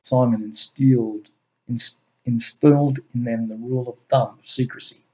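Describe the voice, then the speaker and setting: A man reading his own story aloud in an unhurried, plain way, with the occasional restart. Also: mid-range voice, steady tone. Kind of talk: amateur story narration.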